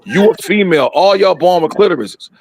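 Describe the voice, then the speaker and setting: A middle-aged man tells a story with loose, profane energy. His voice sits a little high and sounds dry and close. He jumps into the voices of the people in it. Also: fairly quick, no echo. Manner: animated, profane, acts out quotes. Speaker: podcast guest storyteller. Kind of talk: casual storytelling chat.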